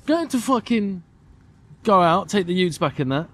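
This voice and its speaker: Animated young man telling a story. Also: high-pitched, moderate pace. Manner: animated, swearing, mimics others in his stories. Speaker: podcast co-host. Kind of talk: casual chat, storytelling.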